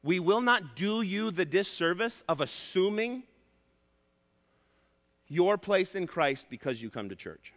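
A male pastor preaching a sermon, emphatic and repeating his key points, slowing down to stress words. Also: sits high, very animated, a bit bright. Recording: long hall reverb.

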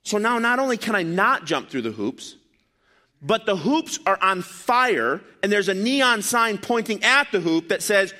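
Lively, bright-voiced male preacher. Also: a little slow. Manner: animated, rising to emphatic bursts, dropping low for asides. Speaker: pastor. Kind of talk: sermon. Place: church.

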